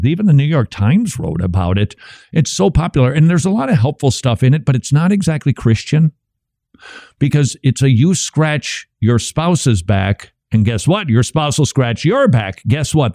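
A middle-aged man with a warm, mellow tone and a lively, swooping delivery, riffing wryly as a radio host. The sound is dry and close, with no room behind him. He talks in a casual, joking way. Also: mid-range voice, no echo. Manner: wry, joking, animated. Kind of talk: casual commentary on church signs and sermons.

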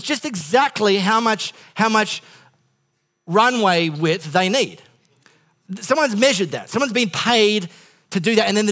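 An Australian pastor with a high, sharp voice preaches a sermon that rambles through comic stories. He keeps interrupting himself, restarting and tossing in frequent comic asides.

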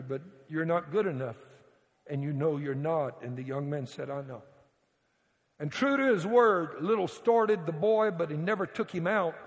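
A man preaching a sermon as pastor, telling a story with dramatic swings from hushed tones to shouting. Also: fairly high pitch. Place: church sanctuary. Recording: church hall reverb.

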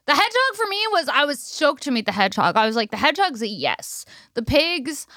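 A woman co-hosting a comedy podcast, telling stories in a casual, animated way and swearing freely. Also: sits high, brisk, no room sound, studio quality. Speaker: podcast co-host.

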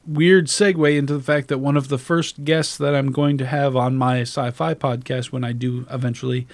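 A man's voice: mid-range voice, steady tone, moderate pace, no echo. A man in a casual podcast chat, rambling and self-deprecating about his own plans and swearing often. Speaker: podcast co-host.

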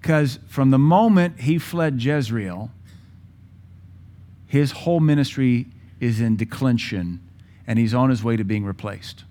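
A man in his forties preaching a sermon with passion, using dramatic pauses and acting out voices from scripture. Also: medium pitch, mellow. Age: 40s. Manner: impassioned, dramatic pauses, mimics Bible voices.

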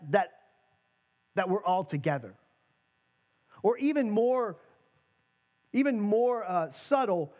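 A male pastor giving a sermon in a church, talking conversationally and moving between emphatic and hushed moments. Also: high-pitched. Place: church sanctuary.

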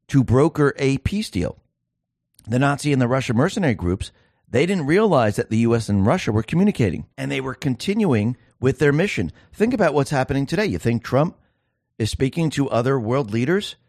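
In a dry, clean studio recording, a male show host with a mid-range, slightly mellow voice delivers a political commentary monologue. He speaks emphatically and fires off rhetorical questions.

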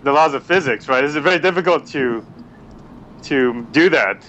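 A man's voice: fairly high pitch, normal speed, a bit bright. A man on a podcast, explaining patiently with examples in a casual chat. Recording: slightly dull audio with faint noise.

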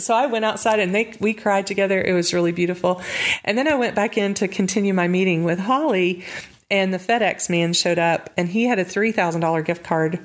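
A middle-aged woman telling her story as a guest in a casual interview, animated and quick to laugh. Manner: animated, acts out quotes with high pitch jumps, laughs often. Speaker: nonprofit founder, guest.

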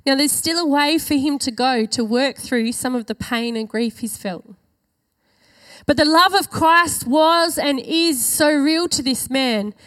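A woman preaching a sermon to her church, earnest and emphatic, slowing down to stress key phrases. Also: high voice, a bit bright.

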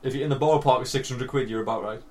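A man, hosting a casual podcast chat, sweary and joking with loud bursts of laughter. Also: mid-range voice, steady tone, very fast. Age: 30s. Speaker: podcast host.

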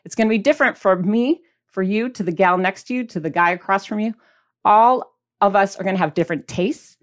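A woman's voice: mid-range voice, brisk. Chatty woman hosting a diet podcast. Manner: chatty, asks the audience questions; playful, mimics listeners' reactions. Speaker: podcast host. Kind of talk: casual chat to viewers.

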